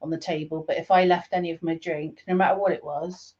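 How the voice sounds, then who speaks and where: A woman's voice: low-pitched, steady tone, a little mellow, muffled recording. A woman co-hosting a podcast, teasing her partner in a playful, chatty way. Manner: teasing, playful, quick to laugh. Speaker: podcast co-host. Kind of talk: casual chat.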